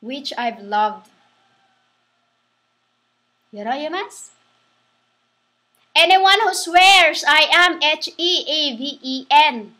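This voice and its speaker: High, bright-voiced woman preaching slowly. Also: expressive. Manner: halting, restarts, spells words out letter by letter. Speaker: self-styled preacher. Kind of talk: rambling religious monologue.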